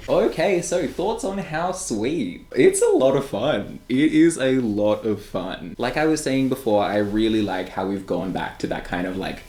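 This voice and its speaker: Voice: medium pitch, big pitch swings, moderate pace, few pauses, darkish tone. An Australian music video reactor giving casual, rambling commentary full of filler words. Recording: roomy room with faint music.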